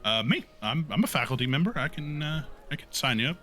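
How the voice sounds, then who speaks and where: Chatty female gnome librarian, high squeaky voice, rambling with fillers, lively lilt, as a male game master puts her on. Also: fast talker, faint music behind. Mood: helpful.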